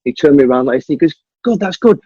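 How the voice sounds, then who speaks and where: A man's voice: on the high side, racing, slightly rough, no echo. A man, a stuntman and martial artist, telling a long story as an interview guest and acting out the dialogue. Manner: animated storyteller who acts out the dialogue. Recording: dull, dry lo-fi audio.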